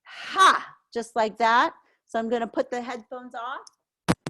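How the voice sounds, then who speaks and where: Soft-spoken lady leading grief yoga online, talks real slow, higher voice. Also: slight background noise. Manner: soft, gentle, slow guidance. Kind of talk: guided online yoga session. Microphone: headset.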